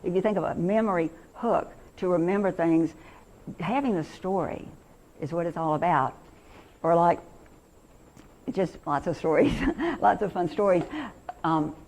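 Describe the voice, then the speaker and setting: A woman's voice: on the low side, unhurried, long pauses, a little mellow, rough recording. A woman in her sixties giving a chatty, encouraging workshop talk on reading to teachers and parents, with many restarts.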